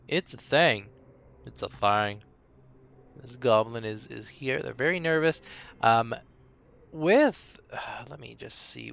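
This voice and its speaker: A man's voice: on the high side, vocal fry, fairly bright tone, clean tone. A man narrating a tabletop game as game master on a live stream, rambling, with many fillers and restarts.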